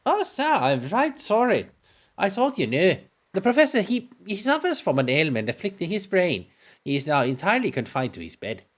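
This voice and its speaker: A man voicing an elderly female housekeeper, kindly and fussy, with a put-on German accent and a high fluttery voice. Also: wildly swooping pitch, normal speed, exaggerated voice. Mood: apologetic.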